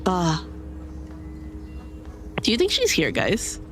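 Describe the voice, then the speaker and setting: Over music, a young woman streams a game with a fairly low voice whose pitch swoops wildly, speaking at a slow pace. She chats and rambles casually, giggling and filling her gameplay commentary with "sort of" and "like."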